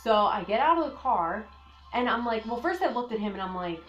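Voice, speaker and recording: A woman's voice: mid-range voice, animated, quick pace, a bit bright, dull audio. Young woman, casual storytime vlogger, breathless filler-heavy delivery, echoey room, faint music bed. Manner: breathless, frequent "like" fillers, emphatic disbelief. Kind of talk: storytime vlog, casual retelling.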